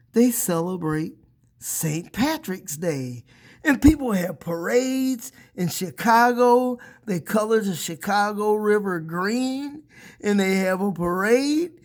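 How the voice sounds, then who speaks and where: A man telling a made-up tale to children in a playful, expressive way. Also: high-pitched, slow. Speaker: children's storyteller. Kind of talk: storytelling for children.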